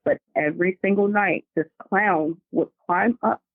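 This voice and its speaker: A woman caller telling family ghost stories in a chatty, animated, slangy way over the phone. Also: mid-range voice, a little slow, no echo. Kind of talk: casual storytelling over the phone. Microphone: phone call. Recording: dry tinny phone line.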